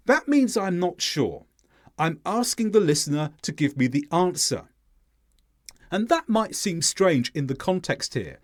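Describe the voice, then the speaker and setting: A man gives a scripted English lesson, his pitch swinging widely as he marks the stress in each example. His voice sits a little high for a man. The sound is close and dry, with no room around it. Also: no echo. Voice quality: clear, deliberate teaching voice with exaggerated intonation in examples. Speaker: English teacher.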